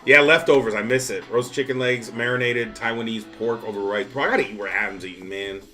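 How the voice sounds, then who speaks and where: A man with a bright, forceful voice chats casually on a livestream. He rambles and laughs at himself, restarting his sentences often. Faint music plays behind him. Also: mid-range voice, fast talker. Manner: rambling storyteller, self-mocking, many restarts. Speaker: livestream co-host. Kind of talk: casual chat.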